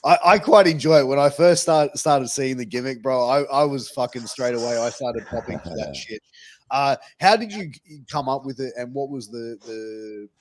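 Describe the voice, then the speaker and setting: A man's voice: medium pitch, normal speed, hardly any pauses. A man hosting a casual interview, swearing freely and calling his guest bro. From Australia. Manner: matey, swears casually, says bro and dude. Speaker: podcast host.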